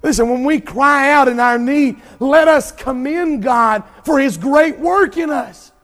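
A pastor preaching an impassioned sermon, drawing out emphatic lines and rising to shouts. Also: male voice, extremely high pitch, a little slow, long reverb tail.

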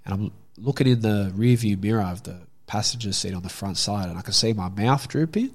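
A man's voice: on the low side, a little fast. A young Australian man telling a story from his own life in a casual, candid way, swearing freely. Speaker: guest.

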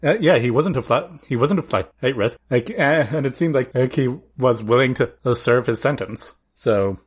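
A man's voice: medium pitch, moderate pace, slightly rough. A man co-hosting a podcast in a casual chat, rambling with plenty of restarts. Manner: rambling with many restarts and fillers. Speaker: podcast co-host.

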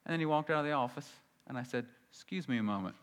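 A man preaching a sermon in a conversational way, moving from loud emphasis to quiet asides. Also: medium pitch, quick pace, big-room sound. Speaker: pastor.

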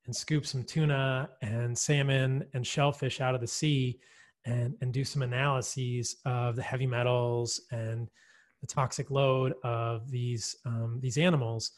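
Enthusiastic man explaining as a podcast guest. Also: mid-range voice. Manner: enthusiastic, explanatory, with frequent fillers and laughs. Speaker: guest expert. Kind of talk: conversational podcast interview.

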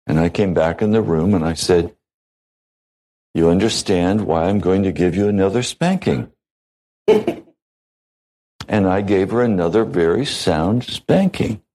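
A man preaching a sermon as a pastor, measured and deliberate, with long pauses between phrases. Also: deep voice, mellow, poor audio.

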